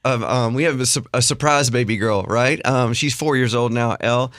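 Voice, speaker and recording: A middle-aged man telling a story in a radio studio interview, animated and acting out the people he quotes. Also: mid-range voice, normal speed, no room sound. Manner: animated storyteller, acts out quotes, laughs often. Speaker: guest songwriter.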